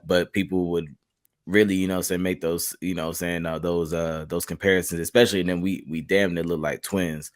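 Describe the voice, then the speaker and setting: A man's voice: deep voice, little pitch movement, fairly quick, dry recording, clean studio sound. A man hosting a podcast interview, talking in a laid-back, rambling way full of casual filler phrases. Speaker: podcast host.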